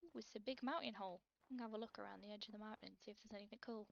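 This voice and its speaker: A woman's voice: mid-range voice, steady tone, rapid-fire, gravelly, no echo, muffled recording. A British woman giving chatty, self-deprecating gameplay commentary as she plays, talking to herself. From Britain. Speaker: Let's Play creator.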